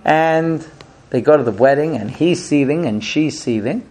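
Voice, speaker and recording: A man telling a story in a lively, animated way, often slipping into his characters' voices. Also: a little high, normal speed.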